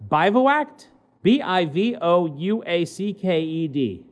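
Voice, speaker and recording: A man's voice: sits high, lively intonation, measured pace, a little mellow. A man co-hosting a casual talk show, joking as he reads an odd news story aloud and trips over words. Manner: joking, stumbles over words while reading. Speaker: podcast co-host.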